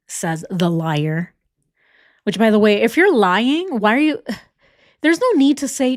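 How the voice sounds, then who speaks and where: A woman's voice: mid-range voice, animated, a little slow, no room sound, clean studio sound. Indignant woman reacting to a video. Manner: indignant, rhetorical questions, repeats herself. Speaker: reaction channel host. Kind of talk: casual reaction commentary.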